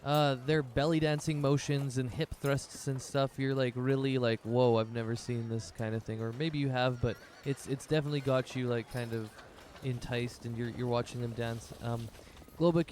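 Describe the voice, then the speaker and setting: A man's voice: mid-range voice, normal speed, few pauses, darkish tone, a little hiss or hum. A man narrating as game master of a tabletop game, rambling loosely with many fillers.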